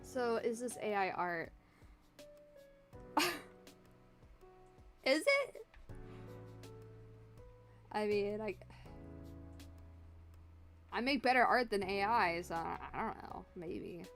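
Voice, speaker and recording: A woman's voice: mid-range voice, takes it slowly, pauses often. A woman art streamer chatting casually and jokingly with her viewers as she draws, rambling and answering the chat. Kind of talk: casual livestream chat while drawing. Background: faint background music.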